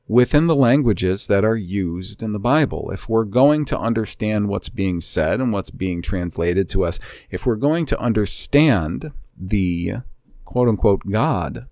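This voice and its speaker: A man hosting his own channel, deliberately and earnestly explaining a document, step by step. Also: fairly low pitch, darkish tone, no echo, clean studio sound. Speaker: host of a Bible language channel. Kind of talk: explanatory talk walking through a document.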